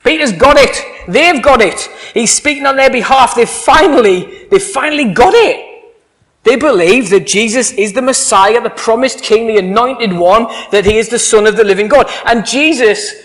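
A man gives a sermon in a voice pitched fairly high for a man. He speaks earnestly and with emphasis, and he often turns to his listeners with rhetorical questions. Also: normal speed, fairly bright tone. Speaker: preacher.

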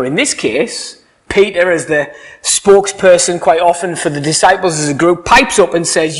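Guy preaching, high-ish voice, earnest, keeps asking the congregation questions. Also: normal speed. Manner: earnest, emphatic, asks the listeners rhetorical questions. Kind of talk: sermon.

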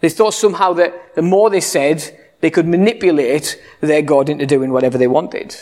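High-voiced preacher, chatty. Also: male voice, fairly even intonation, normal speed, darkish tone. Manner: conversational, humorous, rhetorical questions. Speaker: pastor. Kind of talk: sermon.

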